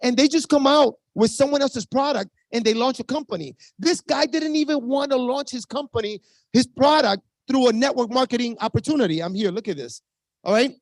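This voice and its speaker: A man in his fifties with a Spanish-accented English, giving an energetic sales pitch to a team on a video call, hyped and full of asides to the audience. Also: a little fast, dry recording. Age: 50s. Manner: hyped, talks straight to the audience, many asides. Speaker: network marketing presenter.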